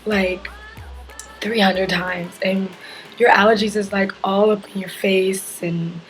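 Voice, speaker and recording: Hoarse young woman vlogger, chatty. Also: medium pitch, fairly even intonation, takes it slowly, soft background music, rough recording. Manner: chatty, rambling, lots of "like" fillers. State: hoarse, husky from allergies. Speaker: travel vlogger. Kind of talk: casual story-time chat.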